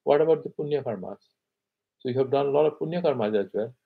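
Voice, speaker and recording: A man teaching scripture, reciting Sanskrit verses slowly and then explaining them conversationally. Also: mid-range voice, creaky, husky, phone-quality sound. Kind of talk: explaining Sanskrit texts in a class.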